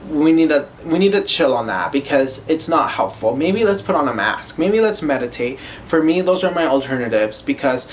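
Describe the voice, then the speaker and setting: A man's voice: fairly high pitch, expressive, moderate pace, hardly any pauses, slight background noise. Chatty young man musing aloud. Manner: chatty, rambling, self-reflective, swears freely. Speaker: podcast host. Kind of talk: casual personal monologue.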